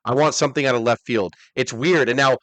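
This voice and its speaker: Fast, excitable male podcast co-host, mid-pitched, dry close mic. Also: dry recording. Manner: rapid, excited, swears a lot. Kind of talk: casual chat.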